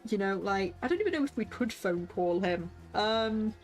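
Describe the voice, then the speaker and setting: A woman's voice: mid-range voice, animated, moderate pace, soft background music. A woman streaming a game, chatting playfully with viewers and reading character lines aloud with lots of laughter.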